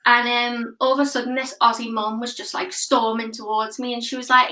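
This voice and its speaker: A woman's voice: a little high, brisk, hardly any pauses. A woman performing a stand-up comedy set, telling crude stories. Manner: deadpan storytelling with crude punchlines. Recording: roomy echo from a distant mic.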